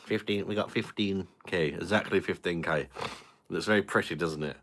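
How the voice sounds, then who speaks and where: A man's voice: deep voice, moderate pace, fairly bright tone. A man chatting crudely with viewers on a beer review livestream, swearing and laughing often. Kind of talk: casual livestream chat.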